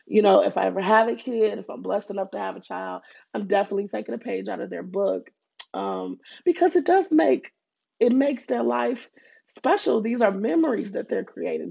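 A woman's voice: mid-range voice, gravelly, dark tone, husky, muffled recording. A woman, hosting a podcast in a casual, heartfelt way and calling listeners baby and honey. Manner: chatty and heartfelt, many fillers, calls listeners baby and honey. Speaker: podcast host. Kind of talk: casual solo chat.

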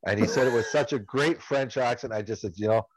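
A man co-hosting a casual lacrosse chat, telling stories with many halting restarts. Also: medium pitch, slightly rough, no echo, rough recording. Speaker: lacrosse podcast co-host.

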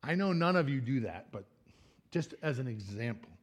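This expressive male preacher moves at a moderate pace through his church sermon, throwing questions out to the congregation. He gives voice to the story's characters, dropping from booming emphasis into quiet, low asides.

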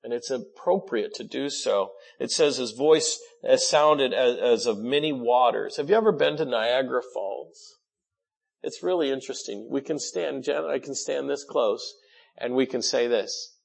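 A man's voice: mid-range voice, normal speed, vocal fry. A man preaching a sermon, speaking animatedly and pushing his voice up in bursts of emphasis. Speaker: pastor.

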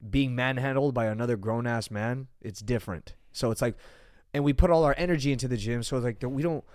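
A man hosts a podcast in an easygoing way, nodding along and telling his own stories. His voice sits at a plain middle pitch. The recording is close and dry, with no room echo. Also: a little fast. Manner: relaxed, frequent agreeing backchannels, swears casually. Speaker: podcast host. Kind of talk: casual podcast chat.

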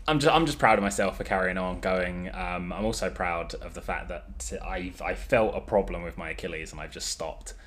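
A man's voice: sits low, fairly bright tone. A young man, a guest on a casual podcast, joking and self-mocking as he talks.

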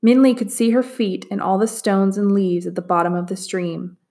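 Female narrator for a children's chapter book, measured and expressive. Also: medium pitch. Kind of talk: storybook read-aloud narration.

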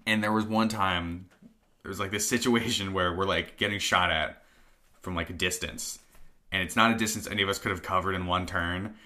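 Young guy cohosting a podcast, bright edgy voice, kinda low, laid-back, laughs a lot. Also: steady tone, brisk. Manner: laid-back, laughs often, many likes. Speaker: podcast co-host. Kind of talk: casual chat.

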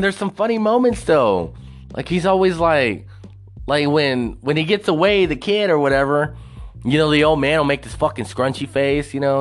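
A man hosting a podcast alone, rambling and swearing a lot, laughing at his own jokes. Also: medium pitch. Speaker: podcast host. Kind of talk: casual solo podcast rant.

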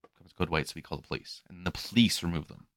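A low-pitched man rattles through a story at a quick clip, casual and animated. He slips into mimicking the people he describes and swears freely. The sound is dry and close. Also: no echo. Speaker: podcast host and pool lifeguard.

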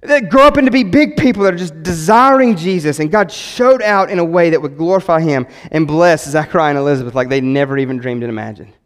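A man, preaching a sermon in an animated way, repeating words and acting out quotes. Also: fairly high pitch, fast talker, few pauses. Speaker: pastor. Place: church sanctuary. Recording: long hall reverb.

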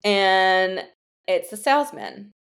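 A woman guest telling a personal story in a casual, animated, chatty way. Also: mid-range voice, slow, vocal fry, clear, resonant tone. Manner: animated, chatty, heavy use of "like" and "you know".

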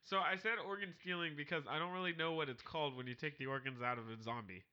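A man in casual podcast banter, quick to joke and swear. His voice sits high and very bright. The audio is dull and lo-fi. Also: fairly even intonation. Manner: joking, swears often, trails off. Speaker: podcast co-host.

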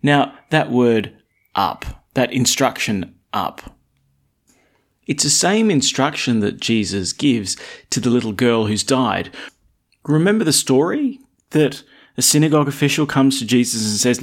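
A man preaching a sermon in a conversational, storytelling way, asking rhetorical questions and reading scripture in a slower, lower voice. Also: animated.

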